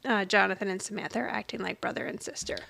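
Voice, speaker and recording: A woman's voice: medium pitch, steady tone, vocal fry, sharp tone. A woman co-hosting a podcast, retelling an episode in a casual chat, acting out the characters' lines and laughing often. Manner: retells the plot, doing quick voices for the characters and laughing often. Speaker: podcast co-host.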